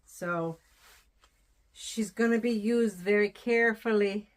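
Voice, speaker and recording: Speaking slowly in a mid-range voice with fairly even intonation, a wreath designer and vlogger from Southern New Hampshire chats casually while unboxing wreath ribbon. She rambles and keeps repeating her phrases.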